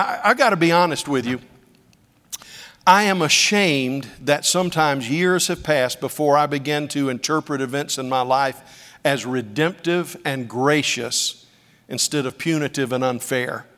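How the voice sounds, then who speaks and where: A middle-aged man preaching a sermon, telling stories with dramatic swings from hushed tones to loud cries. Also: on the high side, in a large hall.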